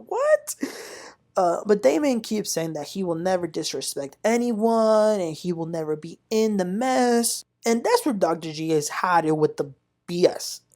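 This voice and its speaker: Animated woman recapping reality TV. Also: fairly low pitch. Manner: animated, indignant commentary; casual, uses "y'all". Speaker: TV recap host.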